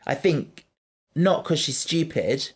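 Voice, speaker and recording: A podcast host, chatting casually about an episode, animated and quick to quote scenes. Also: medium pitch, slightly rough. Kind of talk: casual chat reviewing an episode.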